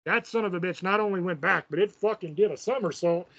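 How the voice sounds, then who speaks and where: Man, high voice, swearing a lot, animated storytelling, muffled lo-fi recording. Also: fast. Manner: profane, animated, self-mocking. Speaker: host. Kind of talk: casual storytelling.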